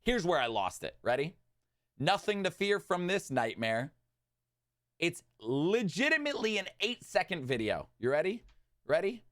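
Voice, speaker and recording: A man's voice: on the high side, normal speed. Agitated man ranting about a game. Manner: agitated, animated, swinging between loud outbursts and muttered asides. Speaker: gaming commentator. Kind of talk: exasperated gaming rant.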